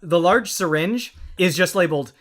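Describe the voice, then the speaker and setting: A man serving as game master, describing scenes in steady, detailed narration with the odd filler. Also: sits high, normal speed.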